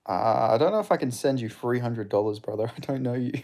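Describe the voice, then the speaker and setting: This Perth-born host, with his Australian accent, rattles along fast with few pauses in a mid-range, darkish voice. He casually commentates a live fight watch-along, swearing freely as he talks with viewers.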